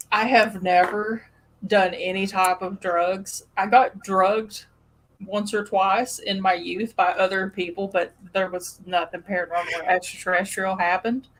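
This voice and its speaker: Hosting a loose, friendly podcast chat, a woman with a twang tells animated stories full of "like" and "you know," laughing often as she goes. Her pitch is an ordinary middle range. The audio is poor, with slight background noise.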